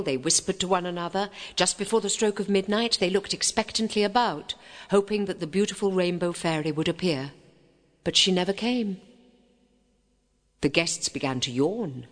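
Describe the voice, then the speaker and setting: A woman with a low voice narrates a fairy tale in a dramatic reading. Her pitch rises and falls in wide, animated sweeps. A long reverb lingers after her lines. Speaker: storyteller. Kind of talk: storybook narration.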